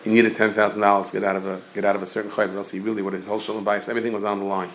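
Racing along in a lowish voice, a man runs an informal Torah lesson full of animated stories and jokes, dropping in Hebrew and Yiddish expressions. Slight background noise can be heard.

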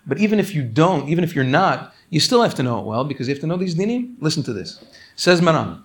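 A man teaching a religious law class who reads quoted texts in quick bursts, then explains them slowly and earnestly, often urging listeners to pay attention. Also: on the high side, big pitch swings. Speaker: Torah teacher.

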